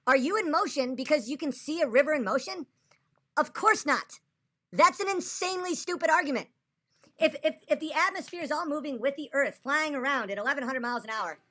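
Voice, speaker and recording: Tipsy lady streamer ranting, cussing a lot, bright edgy voice. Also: sits high. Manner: profane, agitated, argumentative. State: tipsy after a few drinks. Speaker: livestreamer. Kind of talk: livestream rant.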